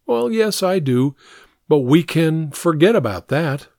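A man reading aloud and voicing a genial, easygoing gentleman who talks in a light, breezy way. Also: fairly high pitch, very animated, unhurried, creaky, no room sound, clean studio sound, pitched above the performer's own voice, heavily acted. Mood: reassuring.

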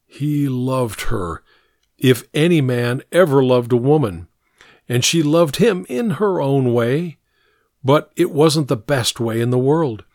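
Man, audiobook narrator, expressive, lively pitch, dry close sound. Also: slow pace, no room sound.

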